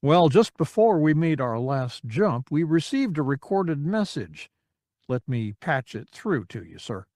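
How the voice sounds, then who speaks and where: A man's voice: a little high, sing-song, unhurried, a little mellow, dry recording. A dutiful, clipped communications officer, voiced by a man in an audiobook, reporting formally. Recorded close and dry. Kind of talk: audiobook character reading.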